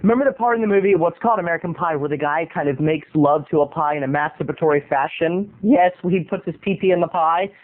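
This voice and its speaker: A man video blogger telling a comic story in an animated, exaggerated, theatrical way. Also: a little high, fast, hardly any pauses. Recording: tinny phone-like lo-fi sound.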